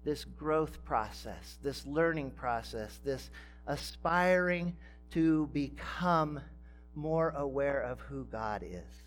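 A man preaching a sermon as pastor, speaking deliberately and building to emphatic, rising phrases. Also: mid-range voice, animated, soft background music.

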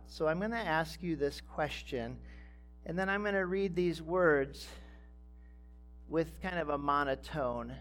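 A male pastor delivering a sermon at an unhurried, measured pace, his voice sitting a little high for a man. He lingers on phrases and lifts them with emphasis as he drives a point home. Soft guitar plays faintly behind him. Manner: slow and deliberate, with emphatic rising phrases.

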